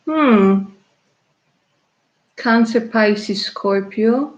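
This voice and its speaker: A woman from Russia doing live-stream tarot readings, chatty and warm in her words, laughing often and calling viewers darling. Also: on the high side, very slow, lo-fi sound. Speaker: tarot reader.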